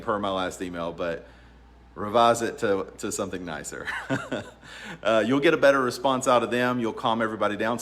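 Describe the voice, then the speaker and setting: A man, an attorney giving casual, rambling advice and laughing often. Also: medium pitch. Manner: relaxed, rambling, laughs often, many ums. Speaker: real estate attorney. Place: law office.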